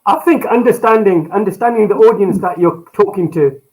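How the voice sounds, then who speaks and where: Earnest young man, high voice. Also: brisk, darkish tone, poor audio. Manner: earnest, informal, uses filler like. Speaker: guest. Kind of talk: casual podcast chat.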